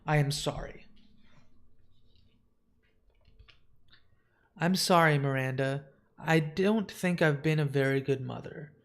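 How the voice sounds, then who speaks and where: A proud, sharp-tongued grandmother, voiced by a man who talks with haughty insistence. Her voice stays close to a plain reading voice. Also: a little high, moderate pace. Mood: weary.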